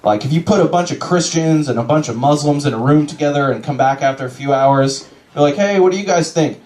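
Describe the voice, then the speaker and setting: Deadpan man doing stand-up in a roomy club. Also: medium pitch. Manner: deadpan delivery, acts out characters in quick bits. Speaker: stand-up comedian. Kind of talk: stand-up comedy set. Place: small comedy club stage. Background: audience laughter.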